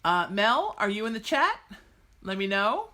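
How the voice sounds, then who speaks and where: A woman's voice: mid-range voice, big pitch swings, a little slow, bright, forceful tone. A woman hosting a psychic podcast, chatting casually and bluntly with viewers and cheering them on with gushing enthusiasm. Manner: blunt, exuberant, gushing, breaks into cheers and song snippets. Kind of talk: casual live-stream chat with viewers.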